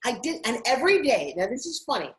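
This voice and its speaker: A middle-aged woman guest telling stories in an interview, animated and putting on voices now and then. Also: a little high, quick pace, low-quality recording. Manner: animated, acts out her kids' voices. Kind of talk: interview storytelling.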